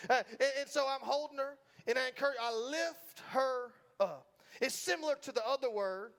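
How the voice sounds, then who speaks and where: A man's voice: extremely high pitch, fairly bright tone. A middle-aged man with a Southern US accent preaching a sermon in a church, talking with the congregation in a casual, joking way and often checking in with "right?". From Georgia, US. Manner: conversational, asks the congregation "right?" often, jokes. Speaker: pastor. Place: church sanctuary.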